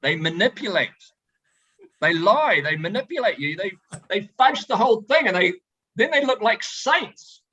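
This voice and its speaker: A middle-aged man, a winemaker, telling animated, joking stories to a tasting audience over a video call. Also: high voice, moderate pace, slightly rough, lo-fi sound. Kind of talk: storytelling talk to a tasting audience. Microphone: video call presentation.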